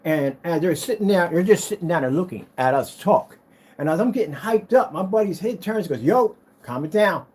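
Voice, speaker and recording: Excitable man with a lively voice. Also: high-pitched, fairly quick, breathy edge. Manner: excitable, rambling, hyped-up talk. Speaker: screen paint business owner demonstrating products. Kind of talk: casual product demo vlog with storytelling.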